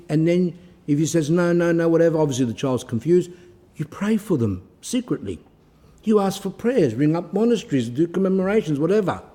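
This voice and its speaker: A man giving a blunt, moralizing Orthodox Christian talk, slowing down to read passages aloud. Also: on the high side, dark tone. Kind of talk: recorded moral talk, reading and commenting on a text.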